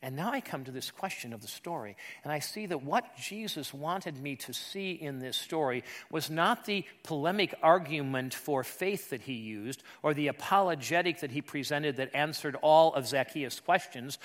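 A male pastor tells stories in his sermon, speaking conversationally with repeated restarts and swinging from quiet asides to loud, emphatic peaks. His fairly high, expressive voice moves at normal speed with few pauses.

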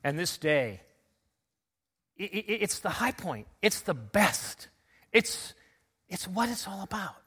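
In a high-pitched, sing-song, slightly rough voice, a middle-aged pastor recovering from illness preaches slowly to his congregation, leaving long pauses. His earnest Easter sermon builds to loud, emphatic calls.

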